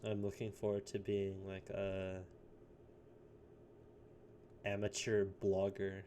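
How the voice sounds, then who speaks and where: A man's voice: low voice, monotone, takes it slowly, warm tone, a little hiss or hum. A young man in his late teens rambling casually in a solo vlog, full of fillers and little chuckles. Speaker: vlogger.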